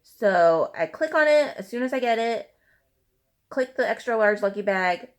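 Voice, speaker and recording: A woman's voice: a little high, moderate pace. Beauty vlogger, woman, 30s, chatty and fed-up, fillers everywhere while she does her makeup. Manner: animated venting, heavy use of fillers like "you know" and "like"; talks while applying makeup. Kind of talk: casual ranting get-ready-with-me chat.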